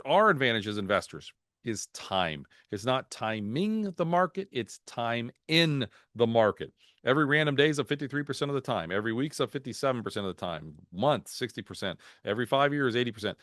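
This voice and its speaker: A man giving a lively, folksy market talk on a video call, mixing jokes and anecdotes into the numbers. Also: medium pitch, dry recording, studio quality. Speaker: market strategist guest speaker. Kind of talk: webinar presentation.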